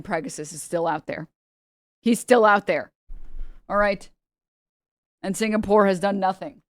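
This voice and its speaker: A woman's voice: on the low side, clean tone, no room sound, studio quality. A woman from the United States, a streamer who chats bluntly and with a lot of swearing while reacting to videos on stream. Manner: blunt, profane, chatty. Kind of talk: casual reaction stream chat.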